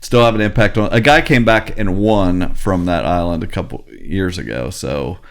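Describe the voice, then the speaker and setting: A man's voice: low-pitched, lively intonation, normal speed. A man co-hosting a podcast, telling a rambling, enthusiastic story in casual chat. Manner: enthusiastic, rambling storyteller who acts out quotes. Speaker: podcast co-host.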